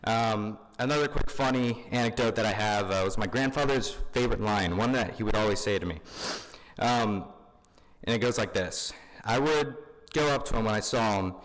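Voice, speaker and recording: A man's voice: fairly low pitch, moderate pace, a bit bright. A young man speaking at his grandfather's funeral, informal and full of fillers. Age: young adult. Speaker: grandson giving a eulogy. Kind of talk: funeral eulogy. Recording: long hall reverb.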